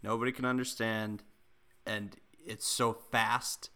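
A man co-hosting a casual podcast, speaking in a measured way and laughing easily. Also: on the low side, flat delivery, bright, forceful tone. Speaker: podcast co-host. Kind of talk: casual chat.

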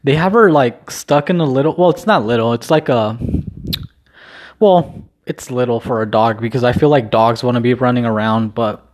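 Young guy rambling to his camera, lots of ums and restarts, low-key and self-deprecating, swears a bunch. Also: moderate pace, darkish tone. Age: young adult. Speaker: vlogger. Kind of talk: casual rambling vlog.

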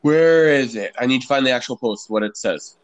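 A man's voice: mid-range voice, animated, fairly quick, dull audio. A man in casual chat, rambling and crude, swearing often.

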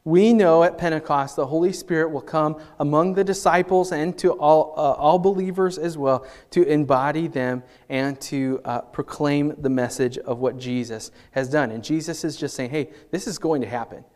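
A man preaching an earnest Easter sermon as pastor at a church service, lifting his voice for scripture and dropping low for personal appeals. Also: steady tone, moderate pace, few pauses. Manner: earnest, rises for scripture and drops soft for appeals.

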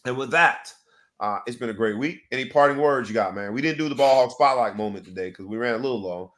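A man co-hosting a casual sports talk podcast, building hype with an animated delivery. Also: medium pitch, fast talker. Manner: rambling sign-off with repeated pleas. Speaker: podcast co-host.

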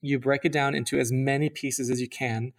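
Gravelly-voiced man co-hosting a podcast. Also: mid-range voice, little pitch movement, fairly quick. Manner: rambling, many "like" fillers and restarts. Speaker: podcast co-host. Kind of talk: casual chat.

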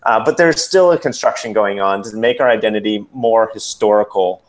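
A man speaking as a podcast guest in casual conversation, lively and acting out quoted voices. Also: fairly low pitch, normal speed. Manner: animated storyteller, acts out quotes.

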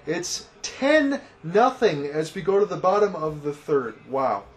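A man doing play-by-play baseball commentary, talking through each pitch in a steady analytical way and then getting loud and excited on big hits. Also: measured pace. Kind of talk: fan broadcast baseball commentary.

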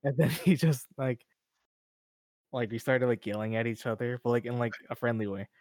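A man's voice: mid-range voice, fairly even intonation, normal speed, darkish tone, no room sound. Easygoing young man, dry close mic. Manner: easygoing, laughs often, lots of "like". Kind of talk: casual chat.

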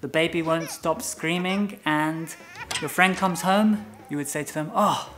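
A man's voice: on the high side, measured pace, fairly bright tone. A man teaching English in a casual lesson, explaining phrases through playful example scenes. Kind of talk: casual bilingual lesson chat.

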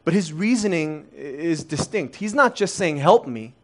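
A man's voice: a little high, expressive, moderate pace, a bit bright. A man in his thirties, originally from Korea, preaching a conversational sermon full of rhetorical questions. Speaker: pastor.

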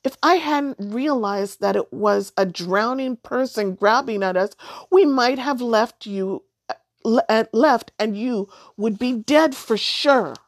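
A woman's voice: mid-range voice, very animated, unhurried, hardly any pauses, mellow, no echo. A woman voicing a brave, stubborn young girl who speaks snappily and defiantly in a storybook reading.

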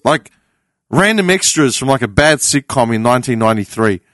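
An Australian man, a podcast panelist, telling a story in casual chat, animated and profane. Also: medium pitch, brisk, no echo. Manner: animated, profane, laughs through his anecdote.

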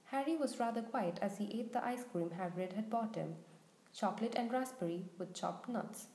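A woman reading a storybook aloud with even, measured narration. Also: medium pitch, reverberant, rough recording. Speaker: audiobook reader.

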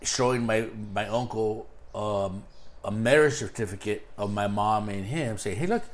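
A man's voice: on the low side, measured pace. A middle-aged man in casual chat, telling family stories with lots of swearing and sudden bursts of animation.

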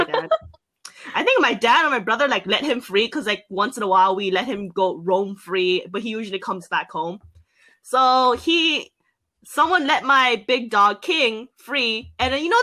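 Young woman, high and bright, animated casual storyteller with a swooping delivery. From an island. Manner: animated storytelling with frequent fillers and high-pitched quoted voices. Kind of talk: casual chat.

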